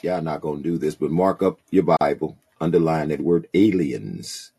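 A man preaching a sermon, reading scripture slowly and then exhorting his listeners with growing intensity. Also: very deep voice, mellow, breathy edge. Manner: slow, reads scripture aloud then preaches with rising intensity. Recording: call-in podcast audio.

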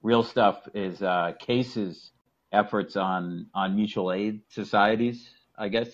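A man's voice: lowish voice, takes it slowly, muffled recording. A man from the Boston area with a Boston accent, chatting casually as a caller on a podcast and rambling with frequent restarts. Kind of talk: casual call-in podcast chat.

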